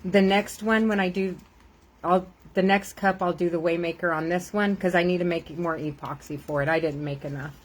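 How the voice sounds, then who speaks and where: A woman's voice: on the low side, steady tone, moderate pace, poor audio. An older woman, a grandmother, chatting casually and rambling while she crafts on a live stream, laughing often.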